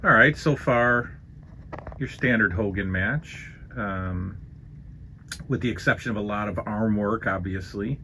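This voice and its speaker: A man giving a casual, excitable review of old wrestling footage, breaking into loud quotes of what the wrestlers say. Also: lowish voice, measured pace, a little hiss or hum. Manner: excited, acts out quoted lines loudly. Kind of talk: casual commentary over footage.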